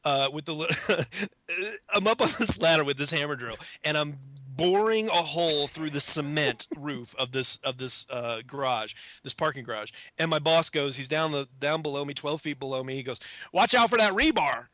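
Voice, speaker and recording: A man's voice: on the high side, normal speed, bright, forceful tone. A man casually telling a self-mocking story, acting out his own shocked reactions. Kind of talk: casual anecdote.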